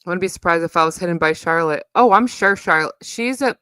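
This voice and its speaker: A woman's voice: fairly low pitch, quick pace, bright, forceful tone, smooth, dry recording, studio quality. Blunt New York woman ranting on a stream. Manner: profane, blunt, rambling with sung asides. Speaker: live streamer. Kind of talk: casual livestream rant.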